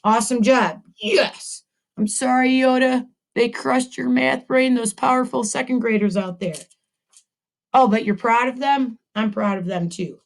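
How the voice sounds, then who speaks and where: A woman with a fairly high voice leads a cheerful math lesson for young children. She counts slowly and clearly and praises her class often. She talks warmly to a puppet sidekick along the way. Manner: upbeat, encouraging, talks to a puppet. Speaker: second grade teacher.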